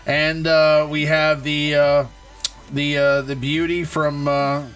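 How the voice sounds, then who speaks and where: A man hosting a live online show in casual chat, halting often with fillers and restarts. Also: on the high side, flat delivery, a bit bright, faint music behind. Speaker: host of a live game stream show.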